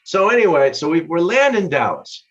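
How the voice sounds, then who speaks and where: An older man being interviewed as a guest musician, telling a story in a lively way and laughing mid-sentence. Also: a little high, normal speed. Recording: dull lo-fi sound.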